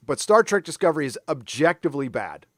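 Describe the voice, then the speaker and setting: A man's voice: a little high, big pitch swings, quick pace, no echo, clean studio sound. A middle-aged man hosting a live stream, ranting angrily and swearing a lot while reading viewer comments. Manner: angry, profane, ranting. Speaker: live show host.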